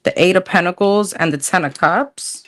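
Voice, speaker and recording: A woman's voice: lowish voice, moderate pace, fairly bright tone. A woman casually chatting through a livestream tarot reading, slangy, thinking aloud as she pulls cards. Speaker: tarot reader.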